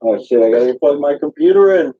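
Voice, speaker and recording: A man chatting casually on a voice call, relaxed and asking questions. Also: on the high side, fast talker, husky. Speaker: call participant. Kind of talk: casual chat. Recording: tinny call audio.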